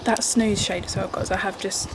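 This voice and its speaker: Young english mum vlogging at home, chatty and rambly, bit gravelly, noisy background. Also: female voice, mid-range voice, fairly even intonation, normal speed. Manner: chatty, rambling, often drops to a whisper. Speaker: vlogger, first-time mum. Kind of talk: casual chat to camera.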